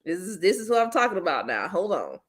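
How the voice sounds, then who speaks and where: A woman hosting her own channel, chatting casually with viewers in a blunt, slangy, teasing way and breaking into loud playful laughter. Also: lowish voice, big pitch swings, fast talker, slightly rough. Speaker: host of a commentary channel. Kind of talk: casual chat reacting to viewers.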